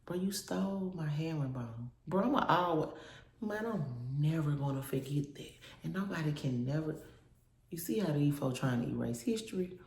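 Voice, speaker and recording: A woman's voice: low-pitched, expressive, moderate pace. A woman in her thirties telling a story to her viewers in a blunt, profane, emphatic way, repeating her points for effect. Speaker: vlogger. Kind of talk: casual storytelling rant to viewers. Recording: echoey room with loud background noise.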